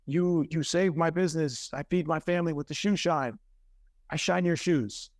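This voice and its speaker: A pleading male street shoe shiner who insists in broken English, as a man puts him on. The voice sits a little higher than the teller's own. The sound is close and dry. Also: lively intonation, brisk, dry recording.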